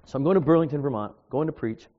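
A man's voice: a little high, fast. A man in his sixties gives a conversational sermon from the pulpit, speaking in a slightly raised voice with friendly, self-deprecating asides. The sound is dull and muffled, and it carries a long echo through the church. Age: 60s. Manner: informal, self-deprecating, chatty asides to the congregation. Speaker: preacher. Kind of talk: conversational sermon with personal stories. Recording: dull, echoey church recording.

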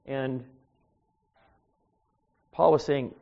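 A man delivering an informal sermon as a preacher, talking in a conversational, anecdotal way that grows louder when he gets animated. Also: mid-range voice, extremely slow, gravelly. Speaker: street preacher. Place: church. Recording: dull lo-fi sound.

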